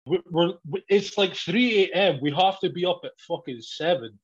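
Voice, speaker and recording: A man's voice: normal speed, breathy edge. A man telling a story in casual chat, swearing often and laughing as he goes. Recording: dull, low-fidelity recording.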